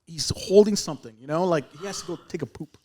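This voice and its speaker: Fast and a little high-voiced, a man who is a longtime radio figure and podcast guest relates a lengthy tale in easygoing conversation. He brings it to life by voicing each person's lines himself.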